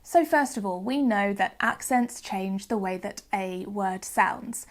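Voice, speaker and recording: A woman's voice: mid-range voice, unhurried. A woman with a Southern English accent presenting a phonics lesson, carefully sounding out words. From Southern England. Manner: clear, careful modelling of sounds. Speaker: phonics teacher. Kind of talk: educational video presenting.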